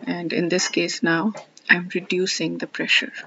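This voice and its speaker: A woman giving a reflective personal monologue as a spiritual self-help speaker, earnest and repetitive, softening to a near whisper when she guides the listener. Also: on the low side, little pitch movement, moderate pace, dull audio, slight background noise.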